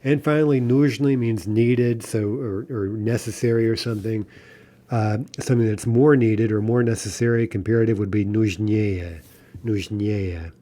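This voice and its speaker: A man teaching a recorded grammar lesson, explaining step by step, checking in with "right?" and reading example words slowly. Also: lowish voice, steady tone, mellow. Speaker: language teacher.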